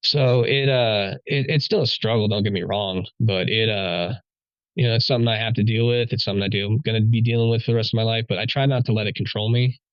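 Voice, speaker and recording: A man's voice: lowish voice, fairly even intonation, quick pace, no echo, lo-fi sound. Man telling a story with wry humor. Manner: rambling, frequent "like" fillers, wry humor. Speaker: police officer guest. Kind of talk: casual podcast storytelling.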